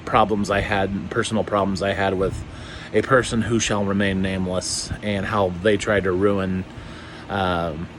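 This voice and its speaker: A man chatting casually in a vlog, rambling and excitable, with lots of fillers and some swearing. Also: low voice, measured pace, noisy background. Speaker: YouTuber.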